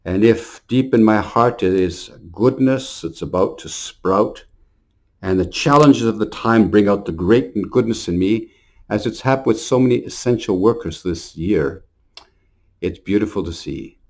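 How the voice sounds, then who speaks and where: Earnest priest with a low voice. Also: male voice, measured pace, darkish tone. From Montreal. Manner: earnest, storytelling, repeats words. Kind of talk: short New Year homily.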